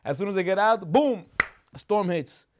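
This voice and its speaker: Rabbi guy with a fairly high voice, animated storyteller, keeps asking questions and acting out the people in the story. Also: normal speed, background noise. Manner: chatty, asks rhetorical questions. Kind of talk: lively Torah class.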